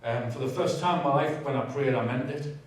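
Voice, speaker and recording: A man's voice: medium pitch, fairly quick. A man giving a candid, conversational personal testimony with humour in a large church hall. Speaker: guest speaker giving testimony. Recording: very echoey hall, distant mic.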